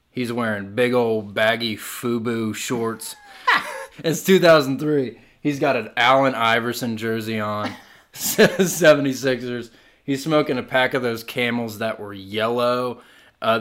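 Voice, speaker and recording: A man with a bright, forceful voice spins an absurd, profane tale for his podcast co-host. He talks in loose slang and keeps cracking himself up as he goes. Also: mid-range voice, measured pace. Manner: crude, laughing, slangy absurd storytelling. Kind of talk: improvised comedic storytelling.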